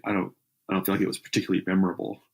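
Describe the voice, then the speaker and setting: A man's voice: low voice, monotone, very fast, creaky. Easygoing man laughing along in chat. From Georgia, US. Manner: easygoing, laughs along, short agreeing replies. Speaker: podcast co-host. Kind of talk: casual chat.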